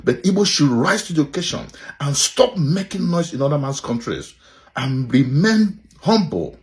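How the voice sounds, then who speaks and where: An angry man scolds his listeners in a played clip. His voice sits a bit high and leaps up and down in pitch, with sudden loud peaks and low grumbling drops. The delivery is a heated rant. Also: very animated, moderate pace.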